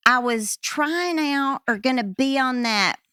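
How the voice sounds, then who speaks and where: A woman's voice: sits high, slow pace, clean tone, dry recording, clean studio sound. A woman podcast host telling rambling, self-deprecating stories in a casual conversation. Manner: animated, rambling anecdotes with self-deprecating laughs.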